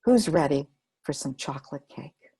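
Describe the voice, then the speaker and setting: A woman voicing a gentle, nostalgic elderly great-grandmother in a told story, speaking softly and slowly. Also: low-pitched, lively intonation, slightly rough, voice pushed down, heavily acted. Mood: tender. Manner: soft, slow and wistful.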